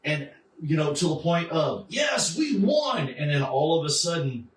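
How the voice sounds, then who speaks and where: Man, casual podcast co-host, lively retelling, slightly high voice, roomy and off-mic. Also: moderate pace. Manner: animated, acts out characters while retelling. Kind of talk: casual chat about comics. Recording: echoey room, mic at a distance.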